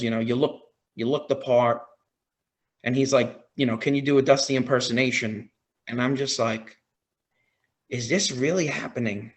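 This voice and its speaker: A man on a podcast as a guest, telling a story in a casual, excited way, often quoting his own reactions. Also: medium pitch. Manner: excited, retelling with quoted reactions.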